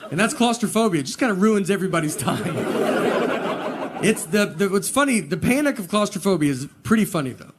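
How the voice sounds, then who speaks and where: A man in his forties tells comedy stories in a deadpan, easygoing drawl. His voice sits a little high. The live recording carries clear background noise and audience laughter. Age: 40s. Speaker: stand-up comedian. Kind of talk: stand-up comedy set.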